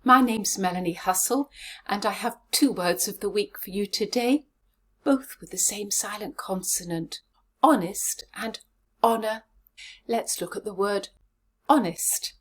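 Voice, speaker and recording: A woman teaching pronunciation, sounding words out slowly and deliberately, syllable by syllable. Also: medium pitch, fairly bright tone. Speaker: pronunciation coach. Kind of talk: pronunciation lesson.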